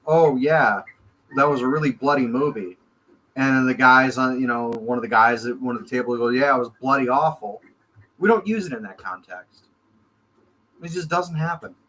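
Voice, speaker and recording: A man's voice: medium pitch, pushed and bright, slight background noise, low-quality recording. An American man co-hosting a casual chat show from his home, rambling easygoing talk with many fillers. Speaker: podcast co-host. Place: home room with 3D printers.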